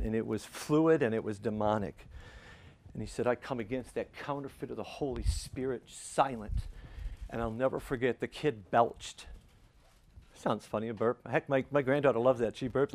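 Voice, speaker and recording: An older man preaching a sermon, telling a personal story in a conversational, animated way and acting out the voices of the people in it. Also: mid-range voice. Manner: conversational, animated, acts out quotes. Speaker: pastor.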